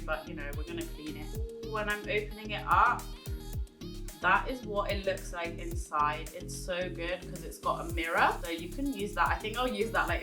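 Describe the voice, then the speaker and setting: A woman giving a casual makeup review in a chatty, giggly way, rambling with fillers as she talks at her table. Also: fairly low pitch. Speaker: beauty vlogger. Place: indoors at a table, echoey room. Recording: echoey room, voice from a distance, music behind.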